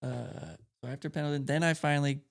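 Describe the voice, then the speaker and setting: A man's voice: a little high, fairly even intonation, quick pace, creaky. A man co-hosting a podcast, rambling loosely and conversationally through a recap of a video game. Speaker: podcast co-host.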